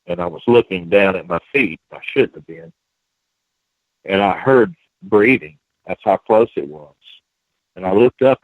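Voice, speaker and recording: Brief: low-voiced male guest, stop-start delivery, dry phone line. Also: no room sound. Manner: halting, many restarts and fillers. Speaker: guest researcher. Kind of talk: phone-in radio interview.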